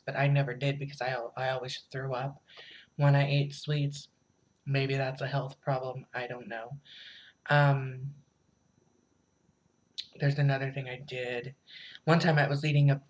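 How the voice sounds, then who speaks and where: Casual vlogger, mid pitch, rambling and profane, self-mocking, lots of "um" and "like". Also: poor audio. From Southern Illinois. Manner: rambling, profane, many fillers; self-deprecating, laughs while telling stories. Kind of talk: casual storytelling.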